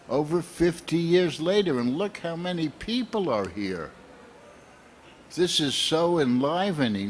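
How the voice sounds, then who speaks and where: A man in his seventies from the United States, giving a slow, earnest and heartfelt sermon full of personal anecdotes. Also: mid-range voice. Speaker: guest speaker at a temple program.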